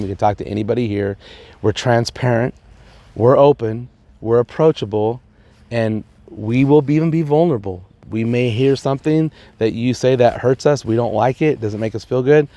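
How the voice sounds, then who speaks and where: A man, a high school principal, talking earnestly in an interview and telling stories with playful asides. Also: dark tone, no room sound. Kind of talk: reflective interview talk.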